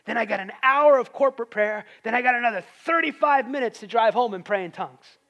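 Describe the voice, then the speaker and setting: A man's voice: very high voice, fast talker, vocal fry, a bit bright, lo-fi sound. A man preaching a sermon in a conversational way, rising to emphatic peaks.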